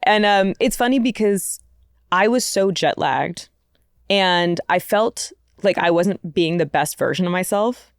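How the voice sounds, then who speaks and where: A woman's voice: fairly low pitch, unhurried, smooth, no echo, clean studio sound. A woman on a podcast, telling a personal story in a candid, self-mocking way and laughing often. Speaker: podcast guest. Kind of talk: casual storytelling chat. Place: podcast studio.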